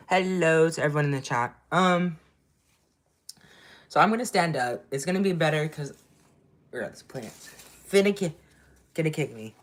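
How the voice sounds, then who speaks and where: A woman casually chatting on a livestream, explaining her voice acting practice in an excitable, self-narrating way. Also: low voice, unhurried, long pauses.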